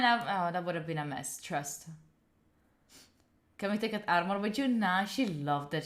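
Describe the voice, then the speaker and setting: A woman's voice: medium pitch, moderate pace, fairly bright tone. A woman, rambling casually to her live viewers with lots of filler words and the odd swear. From Italy. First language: Italian. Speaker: study streamer.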